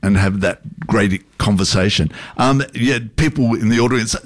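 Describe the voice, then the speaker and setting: A man's voice: fairly low pitch, moderate pace. A man hosting a radio interview, talking hesitantly with many fillers. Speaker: radio host. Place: radio studio.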